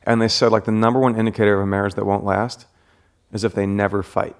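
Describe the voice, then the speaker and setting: A man's voice: fairly low pitch, level tone, fast talker. A man who is a pastor, hosting a casual interview, talking reflectively with many fillers and restarts. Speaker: pastor and podcast host.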